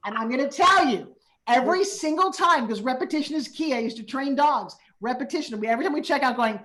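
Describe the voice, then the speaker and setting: A woman in her fifties hosts a casual conversation, telling stories with lively delivery and acted-out quotes. Her voice sits a little high. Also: a little fast. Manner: animated storyteller who acts out quotes. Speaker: host. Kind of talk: casual chat.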